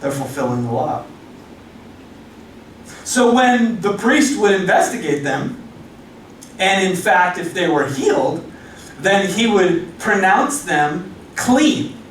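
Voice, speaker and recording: A male pastor preaching a sermon in a casual, animated storytelling way. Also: sits high, slow pace, long pauses, slight background noise. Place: church hall. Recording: echoey hall from far off.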